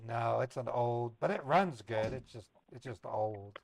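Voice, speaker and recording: Speaking a little slowly with vocal fry, this mid-range male voice comes through a very noisy recording. He's a scambaiting livestream host, chatting playfully with viewers in casual conversation and eagerly playing along with a phone scammer.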